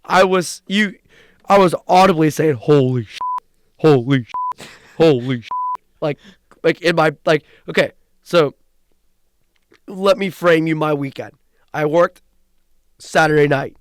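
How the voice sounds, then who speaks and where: A young man co-hosting a podcast, recapping wrestling in an excited, rambling way with frequent restarts. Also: on the high side, unhurried, long pauses, clean tone, no room sound, studio quality. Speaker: podcast co-host. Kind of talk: casual chat.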